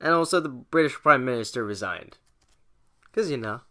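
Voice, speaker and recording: A young man casually recapping history chapters, irreverent and profane, acting out mock quotes and pausing often. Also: medium pitch, lively intonation, bright, forceful tone. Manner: hesitant, with fillers and restarts. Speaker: student summarizing history chapters.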